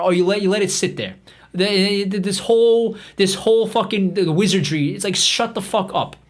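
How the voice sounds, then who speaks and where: A man hosting a comedy podcast, telling a meandering, profane story full of restarts and fillers. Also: high-pitched. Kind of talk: rambling comic storytelling.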